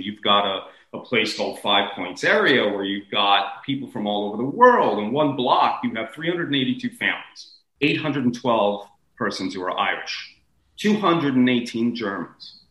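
Animated American man, roomy sound. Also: normal speed. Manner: animated, rambling, swoops in pitch. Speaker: guest speaking on accents. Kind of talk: casual discussion.

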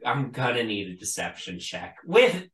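A man's voice: mid-range voice, very animated, moderate pace, a bit bright, reverberant, far from the mic, poor audio. A man running a tabletop game as game master, narrating unhurriedly with many fillers.

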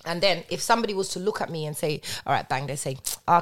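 A woman's voice: lowish voice, quick pace, few pauses. A woman, talking in a casual group chat and making her points with emphatic slang-heavy storytelling.

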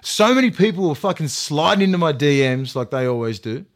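A man's voice: a little high, sing-song, brisk. A man, a former rugby league player, ranting heatedly and profanely in casual podcast chat with lots of fillers.

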